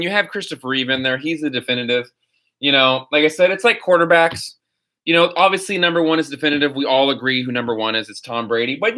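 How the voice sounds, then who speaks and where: A man's voice: mid-range voice, pushed and bright. A man hosting a live stream, answering viewer questions in a rambling, opinionated way. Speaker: host.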